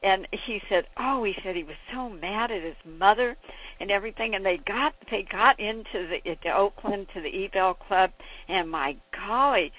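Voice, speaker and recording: A woman's voice: medium pitch, moderate pace, no echo. An older woman in an interview, telling stories and acting out the people in them, in a dull lo-fi recording. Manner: animated, acts out the people in her stories. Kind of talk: anecdotal storytelling.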